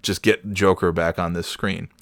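A man's voice: sits low, flat delivery, moderate pace, creaky, fairly bright tone, no room sound, clean studio sound. A man chatting casually about a movie, rambling and profane, mocking himself as he goes.

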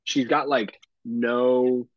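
A man's voice: mid-range voice, level tone, extremely slow, no echo, dull audio. A man co-hosting a casual podcast, talking bluntly and with profanity, teasing his co-host. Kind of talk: casual chat.

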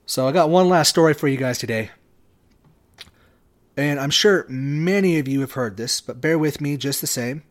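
A man hosting a devotional podcast, speaking in a measured way with long pauses. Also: a little high. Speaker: podcast host. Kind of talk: devotional talk.

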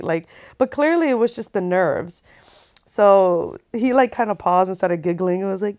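A woman's voice: medium pitch, moderate pace, dry recording, clean studio sound. A woman in her thirties telling a story in a casual, chatty vlog, full of fillers and swearing. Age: 30s. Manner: chatty, animated, many likes and swears. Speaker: vlogger.

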